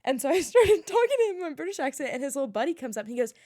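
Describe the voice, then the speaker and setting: Podcast guest: giggly woman, higher voice, very lively pitch. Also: rapid-fire, no room sound, clean studio sound. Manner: giggly, playful. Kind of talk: casual podcast chat.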